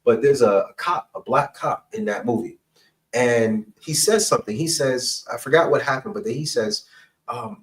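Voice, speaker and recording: Middle-aged male guest, emphatic and candid, mid-pitched, recorded slightly away from the mic. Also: moderate pace, distant mic, poor audio. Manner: earnest, emphatic, frequent "right?" and "okay?" asides. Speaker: podcast guest, counselor and pastor. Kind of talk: candid personal storytelling in an interview.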